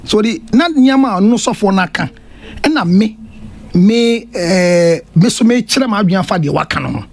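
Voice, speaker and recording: A man's voice: high voice, expressive, normal speed. A Ghanaian man on a radio panel, insistently defending his remarks and switching between English and Twi. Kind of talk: heated radio panel talk. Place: radio studio.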